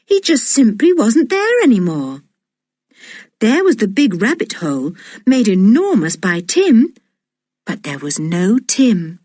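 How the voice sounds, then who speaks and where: A woman reading a children's adventure audiobook aloud in a slow, deliberate and expressive way. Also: a little high, no room sound, clean studio sound. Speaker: audiobook reader. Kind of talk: storybook narration.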